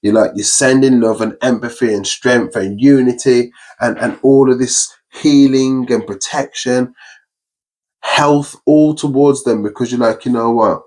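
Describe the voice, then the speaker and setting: A man's voice: mid-range voice, unhurried, a little mellow. Man, podcast host, earnest, upbeat, list-like talk, casual chat. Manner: earnest, upbeat, talks in long lists and affirmations.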